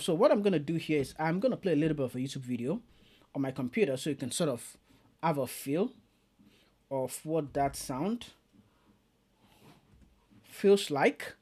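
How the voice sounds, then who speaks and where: A man's voice: on the high side, animated, moderate pace, pauses often. A man giving a casual, chatty review of a streaming mixer, showing the features as he goes. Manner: chatty, demonstrating gear live. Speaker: tech reviewer.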